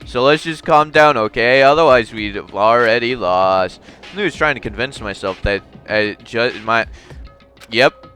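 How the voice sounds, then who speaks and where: A man's voice: mid-range voice, a little slow, pushed and bright, clean tone, faint music behind. A young man playing through a game on video, reading its text aloud with jokey asides. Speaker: gamer. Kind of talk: let's play commentary and text reading.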